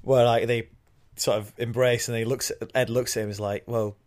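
Man, mid-pitched voice, casual podcast recap, excited, laughs easily. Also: a little fast. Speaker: podcast co-host. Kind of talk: casual chat reviewing a TV episode.

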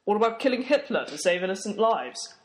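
A man's voice: high voice, very animated, brisk. A young man playing a dry, sarcastic, skeptical volunteer in a comedy sketch.

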